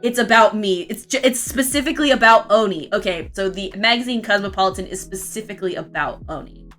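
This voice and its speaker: A woman's voice: mid-range voice, fast talker, a bit bright, soft background music. A young woman from Florida with a vaguely Southern accent, rambling and laughing as she chats casually with her stream while drawing. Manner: rambling, giggly, chatty.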